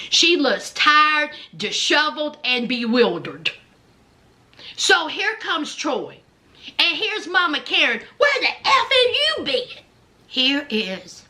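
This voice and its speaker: A woman giving a sassy, expressive recap of a reality TV show, drawing out her words. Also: high-pitched. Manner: expressive, sassy, drawn-out delivery. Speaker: reality TV commentator.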